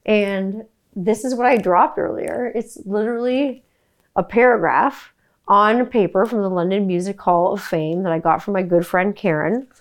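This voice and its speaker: A woman's voice: mid-range voice, normal speed. A woman in her forties hosting a podcast, telling a family story in a casual, rambling way with lots of swearing and filler words. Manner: animated, profane, rambling with many "like" fillers. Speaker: podcast host.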